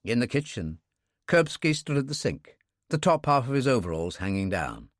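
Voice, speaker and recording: Male narrator, very lively pitch, dry close recording. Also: normal speed, dry recording. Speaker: audiobook narrator. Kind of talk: scripted narration.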